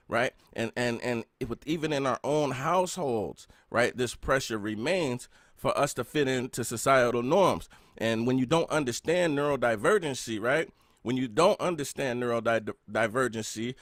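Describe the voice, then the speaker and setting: A man's voice: mid-range voice, fairly bright tone, no echo, clean studio sound. A man in his thirties hosting a podcast, earnestly telling a personal story and often checking in with "right?". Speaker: podcast host.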